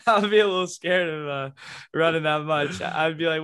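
A man's voice: fairly high pitch, a little slow, a bit bright, clear, resonant tone. A man co-hosting a podcast, bantering in a jokey way. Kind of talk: casual podcast chat.

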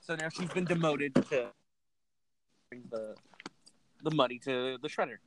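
A man's voice: a little high, measured pace, noisy background. A man casually retelling a film's plot on a remote podcast call, swearing freely as he tells it. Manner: animated storyteller, swears freely. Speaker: podcast co-host. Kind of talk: casual movie recap chat.

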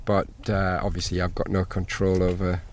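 A man, a sailboat captain, telling lively stories in a casual interview and acting out the things people said. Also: low voice, normal speed. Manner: animated anecdotes, acts out quoted exchanges. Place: outdoors by an anchored sailboat.

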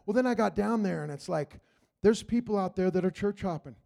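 Brief: man, higher-pitched gravelly voice, earnest rambling church testimony and prayer. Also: fast talker, a little mellow. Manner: earnest, rambling, with repeated "Lord God" in prayer. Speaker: church member giving testimony.

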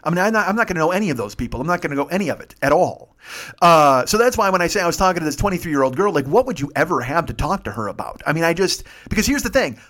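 Fast-talking profane man, 50s. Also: a little high, very animated, fairly bright tone. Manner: profane, rambling storytelling. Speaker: podcast host. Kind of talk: casual solo monologue.

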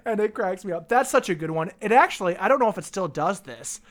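A podcast co-host in casual chat, talkative and quick to laugh. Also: mid-range voice, animated. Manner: chatty, laughs often, swears casually.

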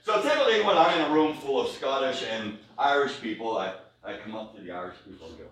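A man's voice: medium pitch, big pitch swings, quick pace, fairly bright tone, far from the mic. A man presenting a whiskey tasting to a live audience, chatty and jokey, with many fillers. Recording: echoey room, recorded from afar.

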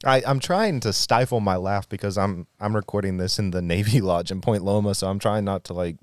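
Male co-host on a video call, low voice, rapid delivery, laughs easily. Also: smooth, no room sound. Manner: quick talker who laughs often. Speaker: podcast co-host. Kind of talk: casual chat. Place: lodging room.

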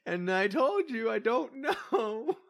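Gravelly, laughing woman game master. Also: a little high, very animated, slow pace. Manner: laughing, playful. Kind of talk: running a tabletop game with friends.

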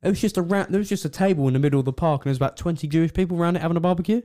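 A man's voice: a little high, very fast, warm tone. A young man co-hosting a podcast, rambling through anecdotes in casual chat and chuckling often. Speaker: podcast co-host.

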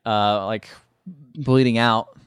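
A young man hosts a podcast and recaps a movie plot in a casual, animated way, slipping into the characters' lines as he goes. His voice sits at a middle height for a man. The sound is dry and close. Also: mid-range voice, slow pace, smooth, no echo. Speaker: podcast host.

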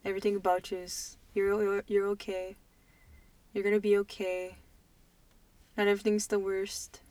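Soft-spoken woman with a steady, flat voice. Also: mid-range voice, normal speed, dry recording. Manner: soft, emotional, repeats phrases, trails off. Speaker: podcast co-host. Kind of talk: heartfelt podcast chat.

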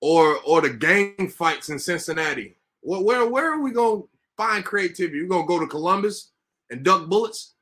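A Southern-accented man co-hosting a sports podcast, with a bright, forceful voice pitched a bit above average. He rants with animated, profane energy. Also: normal speed. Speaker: podcast co-host. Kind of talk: casual sports chat.

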